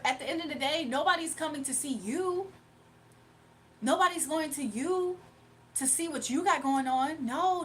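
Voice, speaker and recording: A woman's voice: high voice, a bit bright, a little hiss or hum. A young woman hosting a livestream, talking casually and combatively to her chat, mocking and defending herself. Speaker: livestream host.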